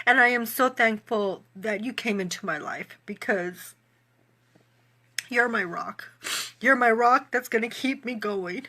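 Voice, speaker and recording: A woman's voice: a little high, unhurried, bright, forceful tone. A woman who runs a fitness program, giving a gratitude testimonial on a live stream, crying and laughing through tears.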